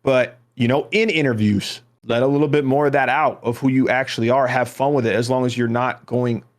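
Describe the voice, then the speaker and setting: A man's voice: medium pitch, fairly even intonation, a little fast. A man hosting a casual podcast, talking in a loose, rambling way and passing questions to his co-hosts. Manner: rambling, hesitant, full of restarts. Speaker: podcast host.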